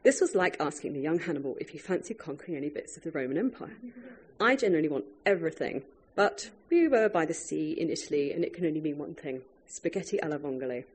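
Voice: mid-range voice, lively intonation, fast, slightly rough. An author reading their own food writing aloud to a live audience, wry and breaking off now and then for chatty asides.

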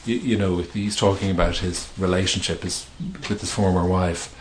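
A man's voice: low-pitched, level tone, moderate pace, slight background noise. A middle-aged male author being interviewed, talking thoughtfully with hesitations and restarts. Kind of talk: reflective conversational interview.

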